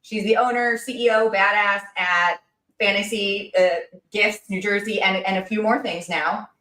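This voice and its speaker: A woman hosting a livestream, talking fast and excitedly with lots of fillers and restarts. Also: mid-range voice, roomy sound, poor audio. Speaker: livestream host. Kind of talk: casual chat.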